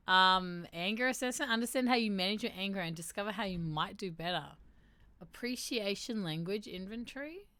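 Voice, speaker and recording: A young woman hosting a casual livestream, reading aloud and chatting, animated, laughing and swearing now and then. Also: medium pitch, moderate pace, no echo. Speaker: streamer hosting a mental health segment.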